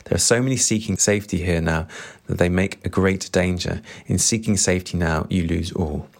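A man's voice: low voice, a little fast, gravelly. A man voicing a fierce, bitter middle-aged woman in a read-aloud novel passage, speaking with scorn.

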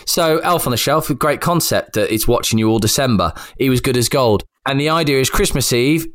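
Animated man telling stories. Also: mid-range voice. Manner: animated storyteller who acts out quotes. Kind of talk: casual chat.

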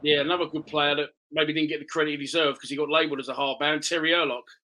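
A man's voice: fairly high pitch, little pitch movement, fast, pushed and bright, rough recording. A man hosting a casual interview, asking eager questions. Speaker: podcast host.

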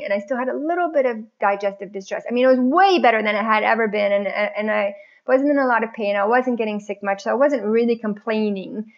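Woman guest, animated and chatty, recounting her story; mid-range voice, muffled lo-fi recording. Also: mid-range voice. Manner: chatty, animated, laughs often. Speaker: podcast guest. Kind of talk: casual personal story.

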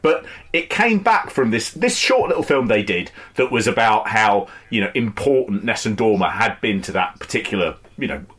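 A man's voice: fairly low pitch, animated, normal speed, few pauses, fairly bright tone, breathy edge. A man in casual chat as a co-host, retelling a story with gossipy relish.

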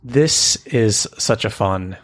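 A man co-hosting a podcast, chatting casually and rambling as he recaps a cartoon episode. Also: fairly low pitch. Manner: chatty, rambling, does quick character impressions. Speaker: podcast co-host.

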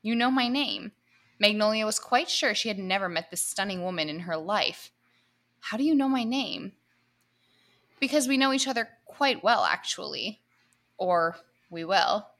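A woman's voice: medium pitch, expressive, normal speed, fairly bright tone. A woman podcast co-host reading an erotic comedy story aloud to her co-hosts, breaking in with laughs and asides.

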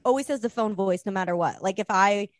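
A woman's voice: medium pitch, fast. A young woman, a podcast guest, telling a rambling story in casual chat and acting out the quotes.

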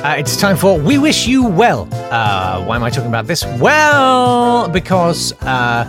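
A man hosting a satirical comedy monologue, sarcastic and mock-indignant, who sometimes breaks into shouted riffs. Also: a little high, sing-song, normal speed, over loud music. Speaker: comedian host.

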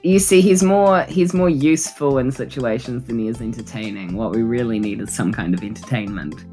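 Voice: mid-range voice, a little fast, over music, close to an everyday voice. A player voicing a sheltered young royal in a tabletop game, flippant and bored, always wanting entertainment. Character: sheltered royal youth adventurer.

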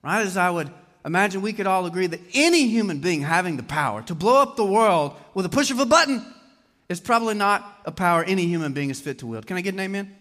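A man preaching a sermon to a congregation in an animated way, often putting questions to his listeners. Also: high-pitched, fast. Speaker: pastor. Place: church hall with congregation. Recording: long hall reverb.

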